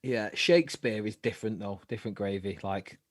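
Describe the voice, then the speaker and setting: A man's voice: lowish voice, fairly quick, no echo. Easygoing male actor-comedian guest, bantering casually, dry recording. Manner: laid-back, joking banter. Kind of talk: casual chat.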